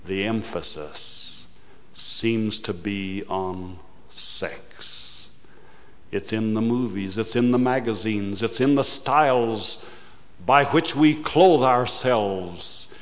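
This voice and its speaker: Slow, booming preacher man in a hall. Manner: slow, deliberate preaching that swells loud and fast in bursts. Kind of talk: sermon.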